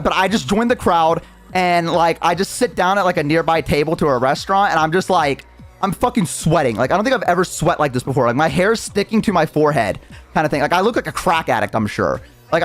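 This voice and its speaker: A man's voice: on the high side, expressive, fast talker, fairly bright tone, faint music behind. A young man streamer telling a story casually, rambling and swearing with lots of restarts.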